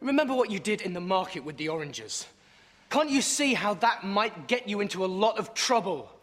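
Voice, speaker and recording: A man's voice: sits high, sing-song, normal speed, fairly bright tone. An actor playing an anxious young male doctor who pleads and then rants in exasperation. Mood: pleading. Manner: exasperated, swings from pleading to ranting. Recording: roomy reverb.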